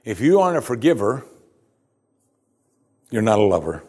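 Low-voiced earnest male preacher. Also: big pitch swings, moderate pace, husky. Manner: earnest, emphatic, often dropping to a hushed close. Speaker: pastor. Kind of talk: sermon.

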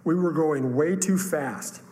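A man preaches a sermon, sharing a personal story as an earnest, emotional testimony with rising outbursts. His voice is on the high side, mellow and slow. Long hall reverb and faint room ambience surround him.

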